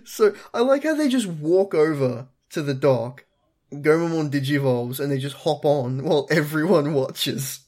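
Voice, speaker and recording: Animated host retelling a cartoon episode. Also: medium pitch, measured pace. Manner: storytelling, acts out characters' lines, laughs and swears. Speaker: podcast co-host, main recapper. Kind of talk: casual episode recap.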